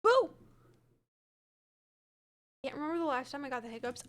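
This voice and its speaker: A woman's voice: high-pitched, big pitch swings, normal speed, fairly bright tone. A young woman streaming a game from her room, chatting casually, hedging her answers and replying to viewers by name. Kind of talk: casual gameplay chat, reading chat. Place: home room with her cat.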